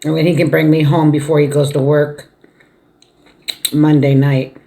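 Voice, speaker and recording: This middle-aged woman, a mukbang vlogger, eats at home while talking to viewers in a relaxed, homey way, with frequent laughter and murmurs between mouthfuls. Her voice sits low, her pace is moderate, and there is slight background noise.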